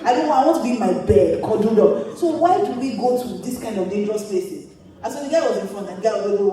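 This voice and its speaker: A woman pastor telling a funny story to a church audience, animated and laughing often as she talks. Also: medium pitch, quick pace. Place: church auditorium. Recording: echoey church hall, distant mic.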